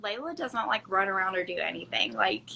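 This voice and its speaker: A woman's voice: mid-range voice, very animated, fairly quick, vocal fry, noisy background. A woman hosting a casual chat about dog training, chatty and full of fillers. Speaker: podcast host.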